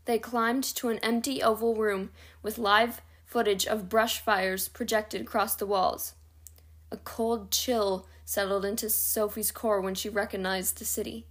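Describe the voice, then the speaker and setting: A woman reading a novel chapter aloud in a steady, even narration. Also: medium pitch, measured pace. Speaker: reader.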